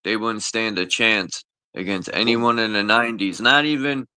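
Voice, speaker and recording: A man chatting casually on a group call, his voice fairly low yet bright and forward. He talks in a loose, rambling way, with a dry, close sound. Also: normal speed, clean tone, no echo. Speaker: host. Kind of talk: casual voice chat.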